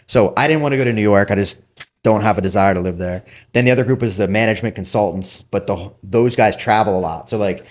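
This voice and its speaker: A middle-aged man, a former military officer, talking casually as a podcast guest and animatedly telling stories with quick asides. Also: lowish voice. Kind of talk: casual interview storytelling.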